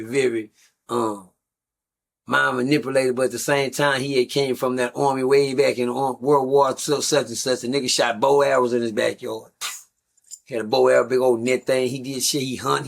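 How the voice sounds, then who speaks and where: A man's voice: medium pitch, flat delivery, normal speed, vocal fry. A middle-aged man, a guest on a talk show, telling rambling stories in a blunt, profane, casual way. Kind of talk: casual storytelling.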